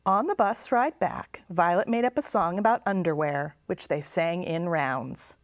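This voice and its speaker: A woman's voice: fairly low pitch, measured pace, no echo, clean studio sound. A woman, a children's librarian, reading a picture book aloud at storytime. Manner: expressive, sing-song.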